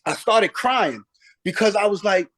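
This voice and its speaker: Speaking in an expressive, unhurried way, this middle-aged ex-pro basketball player recounts stories during a relaxed interview, stressing points and playing out old conversations. The voice sits high with a slight brightness, captured dry.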